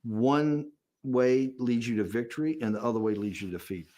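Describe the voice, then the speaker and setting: A man gives an interview, recounting a behind-the-scenes episode. He talks in an animated, storytelling way, often restarting his sentences and repeating words as he goes. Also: mid-range voice. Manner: rapid, animated storyteller, acting out quotes and chuckling. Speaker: interviewee, political strategist.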